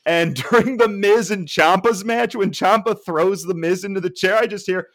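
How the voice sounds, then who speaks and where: A man co-hosting a casual wrestling podcast, animated and quick to laugh, often mimicking shouting fans as he tells a story. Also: high voice, dry recording, studio quality. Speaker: podcast co-host.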